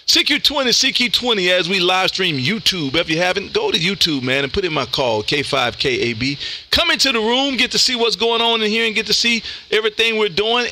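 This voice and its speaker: A man's voice: a little high, bright, forceful tone, slight background noise. A man hosting a ham radio live stream, chatting in an upbeat, casual way and calling everyone "man". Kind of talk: casual on-air radio chat.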